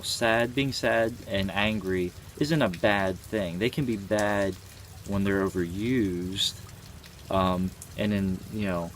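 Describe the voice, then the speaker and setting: A man's voice: sits low, a little hiss or hum. A man in his twenties giving a reflective personal monologue, speaking earnestly and thinking aloud with frequent hesitations. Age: 20s.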